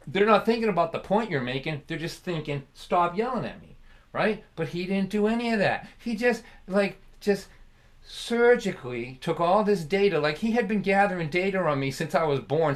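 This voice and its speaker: A man telling a personal story on a live stream in an animated, conversational way, often laughing. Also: a little high. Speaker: folk singer and storyteller.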